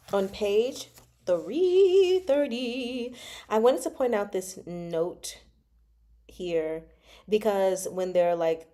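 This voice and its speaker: A woman's voice: lowish voice, warm tone. A woman chatting casually about a novel she is reading, digressing often and laughing between remarks. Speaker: book club host.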